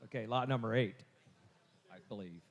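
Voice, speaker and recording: At a livestock sale, a man announces lots in a mid-range voice, and the audio sounds dull. His casual explanatory talk is halting, with repeated words and frequent sentence restarts.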